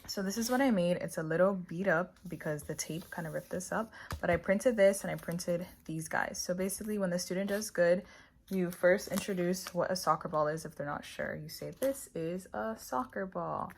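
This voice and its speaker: A young woman casually explaining online teaching tips, acting out slow, clear classroom phrases. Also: lowish voice, slight background noise. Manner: chatty, demonstrates teacher phrases slowly and clearly. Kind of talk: casual tutorial vlog.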